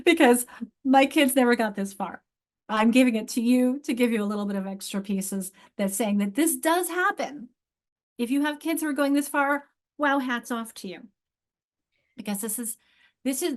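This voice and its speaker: A woman instructor teaching other teachers, thinking aloud and sounding out words slowly, repeating each one. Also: fairly high pitch. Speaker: literacy instructor.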